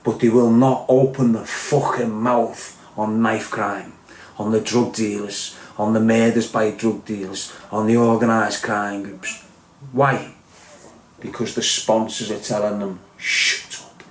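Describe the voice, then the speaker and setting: A man's voice: fairly low pitch, little pitch movement, unhurried, echoey room, a little hiss or hum. A man with a Liverpool accent delivering a blunt, sweary, impassioned podcast rant. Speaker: podcast host. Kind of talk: ranting podcast monologue.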